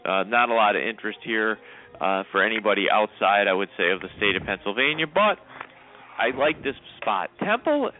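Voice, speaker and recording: A man's voice: on the low side, expressive, brisk, slight background noise. A man co-hosting a sports talk show, giving his picks in a chatty, hedging way. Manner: talkative, hedging with "I mean" and "you know". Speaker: co-host making picks. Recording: phone-like call-in line.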